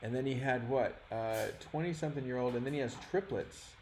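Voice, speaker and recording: A man's voice: medium pitch, a little fast, darkish tone, a little hiss or hum. A man in his thirties hosting a casual livestream, rambling and self-deprecating, often frustrated with himself. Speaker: livestream host.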